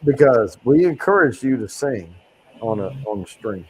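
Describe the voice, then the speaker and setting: A man's voice: mid-range voice, very animated, normal speed, slight background noise, poor audio. A man hosting a casual livestream chat, joking and teasing his guests. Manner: teasing, joking, loose and crude. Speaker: host.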